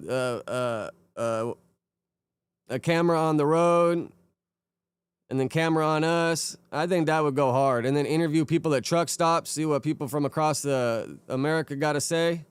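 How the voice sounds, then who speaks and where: On a live stream, a young man with a fairly high, clean voice and no room sound chats casually, rambling in a laid-back way and greeting viewers by name as he reacts to videos and chat.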